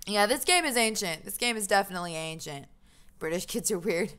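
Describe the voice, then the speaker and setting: A woman's voice: fairly low pitch, expressive, a little fast, a bit bright, smooth. Female streamer, casual self-mocking game commentary, frequent laughs.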